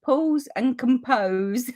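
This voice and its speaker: Giggly high woman in her fifties. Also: expressive, extremely slow, darkish tone. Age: 50s. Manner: giggly, keeps breaking into laughter and apologizing. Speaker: papercraft livestream host. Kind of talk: casual live crafting chat.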